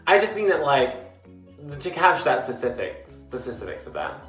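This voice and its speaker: Here a tipsy man chats from his bathtub, a book vlogger giggling and filling his loose book talk with ums and tangents. His mid-range voice is fairly bright and very animated, moving at a normal speed. It's recorded in an echoey tiled bathroom where faint music plays.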